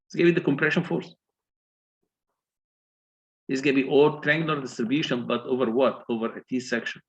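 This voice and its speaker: A man's voice: mid-range voice, animated, fairly quick, long pauses, dull audio. A man with an Egyptian accent giving a university engineering lecture, explaining step by step and often checking that students follow.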